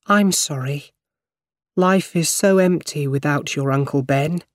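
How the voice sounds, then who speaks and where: A man's voice: a little high, slow, darkish tone, no room sound, studio quality, voice pushed up. A man putting on a frail, tearful elderly aunt. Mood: sorrowful.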